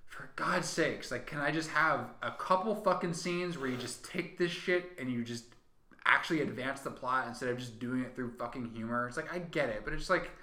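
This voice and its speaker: Rambling, swearing young man, bright voice. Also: mid-range voice, a little fast. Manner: rambling, profane, filler-heavy. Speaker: podcast co-host. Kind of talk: casual chat. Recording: roomy echo.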